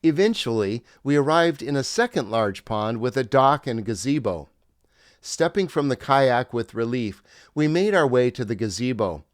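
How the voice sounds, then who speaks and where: A man's voice: medium pitch, expressive, normal speed, dry recording, clean studio sound. A middle-aged man, a former pastor, narrating his memoir in a wry, reflective storytelling manner.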